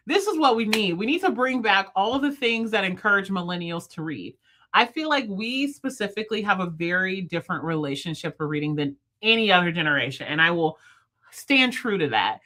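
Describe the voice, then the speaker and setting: Thirties woman on a live stream, talks real fast, playful and chatty, bright voice. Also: medium pitch, animated. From United States. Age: 30s. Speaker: livestream host. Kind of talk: casual live chat with viewers. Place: at home, in bed.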